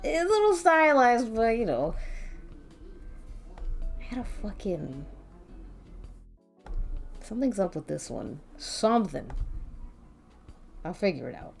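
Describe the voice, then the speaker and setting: A woman's voice: a little high, big pitch swings, slow pace, creaky, long pauses. A woman streamer chatting casually while she draws, rambling, swearing offhandedly, giggling and humming to herself. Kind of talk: casual live-stream chat while drawing. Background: faint background music.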